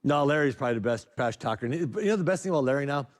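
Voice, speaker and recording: A man's voice: medium pitch, lively intonation, racing. A man, a former pro basketball player, telling anecdotes in an interview, laughing often and filling with "you know". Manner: chuckling storyteller, lots of "you know" fillers.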